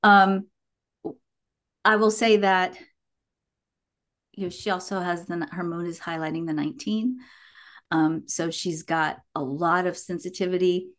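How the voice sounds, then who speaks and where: A woman guest on a podcast interview, telling stories in an animated way, laughing and quoting herself. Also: lowish voice, a little slow, long pauses. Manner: animated storytelling with laughs and quoted asides. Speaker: guest, human design teacher.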